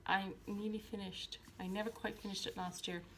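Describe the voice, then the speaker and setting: A woman's voice: medium pitch, flat delivery, moderate pace, a little hiss or hum. A woman chatting casually about her books at home by her shelves, talking in a rambling way with many ums and restarts. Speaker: book vlogger. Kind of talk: casual chat.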